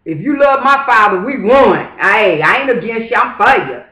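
A man's voice: sits high, lively intonation, normal speed, pushed and bright. A man talking straight to camera in a casual, preachy vlog monologue, emphatic and fervent, with repeated rhetorical asides. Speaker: vlogger. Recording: roomy echo.

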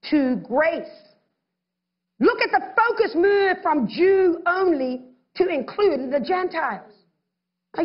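A woman's voice: high-pitched, dull audio. A woman pastor preaching a sermon, acting out little voices of others as she goes.

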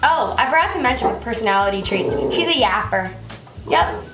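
A woman's voice: on the high side, animated, normal speed, roomy sound, distant mic, music in the background. Chatty young woman vlogging about her dog. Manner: gushing, chatty, many fillers. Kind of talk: casual chat about her pet.

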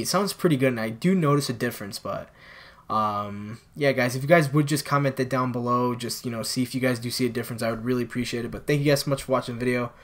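A man commentating his own gameplay for viewers on a new microphone, frustrated and exclaiming as he plays. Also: medium pitch. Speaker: gaming channel host. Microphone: new desktop microphone.

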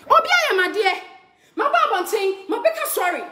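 Woman, Ghanaian accent, very high voice, heated rant, scornful laughs, echoey room. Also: very animated, moderate pace, very noisy. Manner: emphatic, repeating and laughing scornfully. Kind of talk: heated mixed-language rant.

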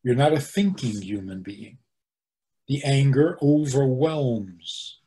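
A rabbi in a teaching talk, his voice rising and falling freely as he speaks. He is an animated man who poses questions and answers them himself. He sits at a middle pitch for a man. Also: slow pace. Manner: animated, acts out the angry voices he quotes.

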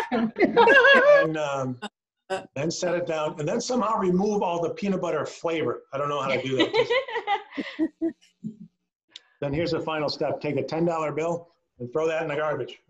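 A middle-aged man from upstate New York doing a stand-up set over a video call from home, landing punchlines dry and slowed down. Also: a little high, sing-song, fairly bright tone, dull audio. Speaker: stand-up comedian. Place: a home, indoors.

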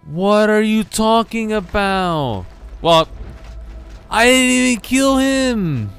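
A man casually commenting on his own gameplay, switching between excited yelps and shouts and muttered asides. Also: high-pitched, slow, gravelly, clean tone, soft background music. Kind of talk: casual let's play commentary.

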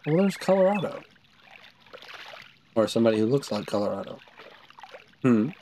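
A woman hosting a let's play, muttering low-key, hesitant gameplay commentary. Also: sing-song, normal speed, mellow, a little hiss or hum. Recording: game music underneath.

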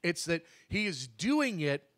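A man with a notably high speaking voice leads a Bible teaching session. He talks in a conversational, emphatic way, drawing out the words he wants to stress and correcting himself mid-sentence. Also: sing-song, slow pace, fairly bright tone. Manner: conversational, with asides and self-corrections.

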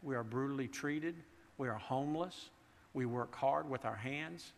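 A man's voice: medium pitch, moderate pace, vocal fry. A man preaching a sermon in a folksy way, repeating and restarting words and asking the congregation questions. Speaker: pastor. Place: church sanctuary. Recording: long church reverb.

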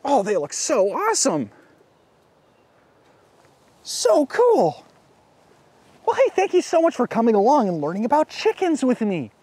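A man hosting a children's show outdoors at a farm pen, excitable, gasping and making sing-song animal sounds as he talks to young kids. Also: extremely high pitch, a little slow, long pauses, breathy edge, no echo.

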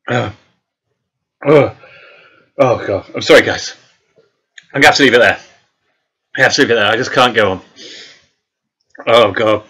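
A man's voice: mid-range voice, pushed and bright, breathy edge. A man hosting his gaming channel, swearing constantly and yelping in mock terror as he plays. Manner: swears constantly, mock-terrified yelps and groans. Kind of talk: comedic let's-play commentary.

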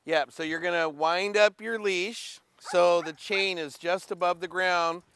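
A man's voice: high-pitched, steady tone, measured pace, bright, forceful tone, slight background noise. A man teaching a dog training workshop, explaining and demonstrating handling in a direct coaching way. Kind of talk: workshop instruction.

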